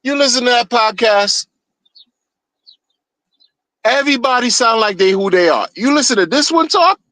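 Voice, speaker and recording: A man's voice: very high voice, animated, normal speed, bright, forceful tone, no echo, poor audio. A man ranting on a live stream in a blunt, rambling way, heavy on slang and repeated phrases. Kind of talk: casual on-stream rant. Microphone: streaming mic.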